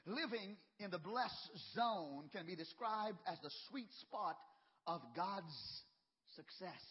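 A man's voice: high-pitched, slightly rough. A pastor preaching a sermon, telling a story and building his points with rhythmic repetition and emphatic bursts. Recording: dull lo-fi sermon recording.

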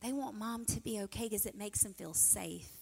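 A middle-aged woman giving a sermon as a guest speaker, telling stories in an animated way and acting out the quotes. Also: medium pitch, normal speed, vocal fry, breathy edge. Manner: animated, storytelling, acts out quotes. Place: church sanctuary. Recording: reverberant church hall.

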